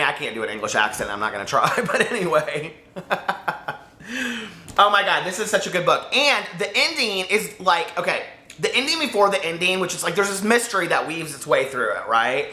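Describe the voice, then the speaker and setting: A man chats casually about a book he loves, rambling and excitable, with frequent restarts and tangents. His voice is bright and forward. The room around him is noticeably echoey. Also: on the high side, slight background noise. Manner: rambling, excitable, self-interrupting. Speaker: book reviewer. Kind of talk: casual chat to camera.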